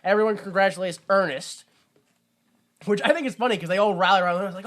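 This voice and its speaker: Young male podcast co-host; animated, jokey movie recapper who swings into loud disbelief. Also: high voice, fast. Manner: animated retelling with loud mock-confused outbursts. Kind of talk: casual movie-recap chat.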